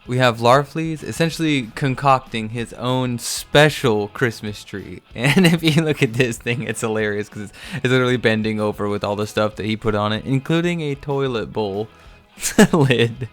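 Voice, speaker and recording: A smooth-voiced man hosts a casual comic book recap. He walks through the pages in a loose, amused way, dropping in fillers as he goes. Soft music plays underneath. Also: mid-range voice.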